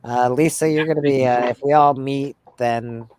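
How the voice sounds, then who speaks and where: A man's voice: mid-range voice, steady tone, normal speed, darkish tone, clear, resonant tone, no room sound. A man in casual chat, loose and profane, tacking "bro" and "man" onto his lines. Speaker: podcast co-host.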